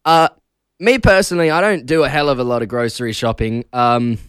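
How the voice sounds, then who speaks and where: A man's voice: medium pitch, brisk, smooth, dry recording, clean studio sound. A young Australian man hosting casual breakfast radio, chatting and telling stories with frequent laughs. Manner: chatty, laughs often, animated storytelling. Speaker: radio host. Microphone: studio broadcast mic.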